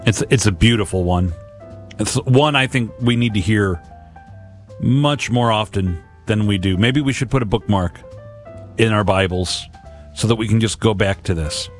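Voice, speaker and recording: Earnest man in his forties, low voice, casual gospel reflection with soft music behind. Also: moderate pace. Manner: earnest, conversational, with frequent repeated words.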